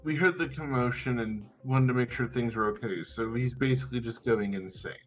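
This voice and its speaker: A man playing a tabletop game, talking in a polite, measured way. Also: medium pitch, highs cut off, faint music behind. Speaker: player. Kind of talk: tabletop role-play.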